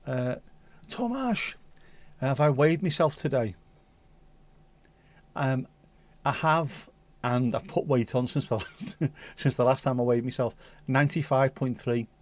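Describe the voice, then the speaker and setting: A man's voice: mid-range voice, steady tone, measured pace, darkish tone, no echo. Jokey man hosting a livestream. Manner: jokey, teasing, rambling. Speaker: livestream host. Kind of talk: casual livestream chat with viewers.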